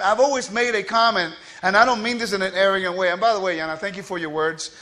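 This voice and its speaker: A man giving a quick, scattered and playful teaching to a congregation, joking with the listeners as he goes. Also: high-pitched, steady tone, bright, forceful tone. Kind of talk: lively spoken teaching.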